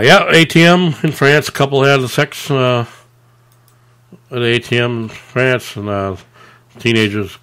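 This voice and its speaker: A man's voice: mid-range voice, a bit bright. A man co-hosting a live podcast, telling crude, rambling stories with lots of fillers. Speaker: podcast co-host. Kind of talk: casual live podcast banter.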